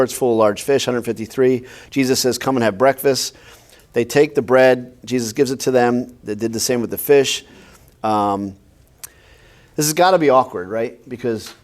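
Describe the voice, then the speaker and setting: A man's voice: mid-range voice, darkish tone. A man, a pastor, teaching a Bible class in a conversational way, often quizzing his listeners with questions.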